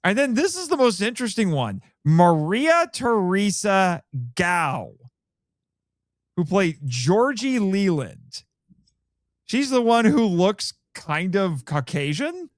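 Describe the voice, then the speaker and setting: Chatty man with a smooth, dry voice. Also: sits high, very animated, takes it slowly, dry recording. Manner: chatty, reads out cast names while looking things up. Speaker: podcast co-host. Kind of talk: casual podcast chat about films.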